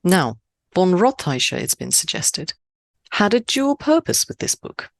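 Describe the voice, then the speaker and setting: A woman from Switzerland hosting a poetry podcast, speaking in a measured, deliberate way with lifts on key words. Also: on the low side, sing-song, vocal fry, no room sound, clean studio sound. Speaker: podcast host. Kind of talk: scripted podcast narration.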